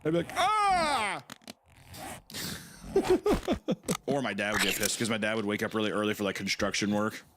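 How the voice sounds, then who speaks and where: A man's voice: fairly low pitch, very fast. A man co-hosting a podcast, telling stories casually, swearing a lot and acting out voices. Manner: animated storytelling, swears often, acts out voices. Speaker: podcast co-host. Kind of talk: casual chat about a creepy story. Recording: loud background noise.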